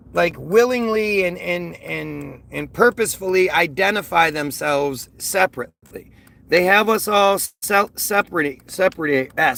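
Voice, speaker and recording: A man's voice: sits high, creaky, a bit bright. A man from the United States livestreaming from a car as he drives, reading viewers' chat aloud and ranting in rambling, repetitive talk. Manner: rambling, repeats words, ranting. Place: inside a car while driving. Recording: car and road noise behind.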